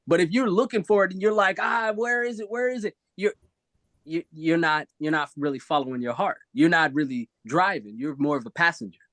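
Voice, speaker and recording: A man's voice: a little high, brisk, a bit bright, dry recording. A man speaking expressively on a live video-call talk show, giving emphatic motivational advice.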